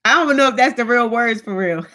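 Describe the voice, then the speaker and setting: A woman's voice: on the high side, lively intonation, fast talker, sharp tone. A woman in her thirties hosting a casual live stream, chatting with viewers, greeting them by name and laughing often. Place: home, in front of lights.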